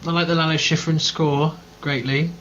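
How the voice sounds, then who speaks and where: A man's voice: a little high, level tone, moderate pace, a bit bright, lo-fi sound, a little hiss or hum. An English man co-hosting a casual film review chat, rambling and correcting himself as he goes. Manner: rambling, hesitant, self-correcting. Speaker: film review podcast co-host.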